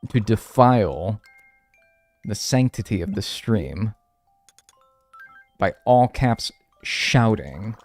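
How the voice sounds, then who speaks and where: Soft music plays as a man with a fairly low, animated voice streams a video game, speaking slowly and pausing often. He chats casually with his viewers and delivers mock-serious rants.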